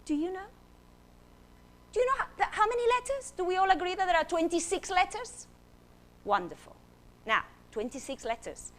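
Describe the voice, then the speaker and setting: A woman speaker teaches phonics from a stage, playful and theatrical as she leads the audience through each sound. Her voice sits high and swoops up and down constantly. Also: very animated, moderate pace, pauses often, fairly bright tone. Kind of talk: animated talk with classroom demonstration.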